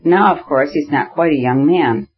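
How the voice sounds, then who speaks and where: Give me a man reading a firm, motherly older noblewoman, slightly raised pitch. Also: moderate pace, highs cut off, natural voice. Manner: matter-of-fact, motherly.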